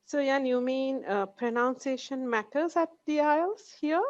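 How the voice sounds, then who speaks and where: Woman student, distant in a classroom, higher voice, hesitant filler-laden questions, muffled recording. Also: unhurried, no room sound.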